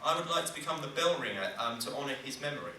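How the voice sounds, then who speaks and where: A man's voice: mid-range voice, animated, very fast, sharp tone, heavy reverb, recorded from a distance, a little hiss or hum, rough recording. A man voicing an earnest, polite man who is grieving for his brother, in a stand-up joke.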